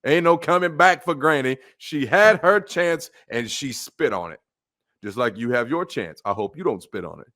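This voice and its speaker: A man preaching a blunt, mocking sermon, dropping to low mutters and jumping to loud outbursts. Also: lively intonation, moderate pace. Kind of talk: fiery street-style sermon.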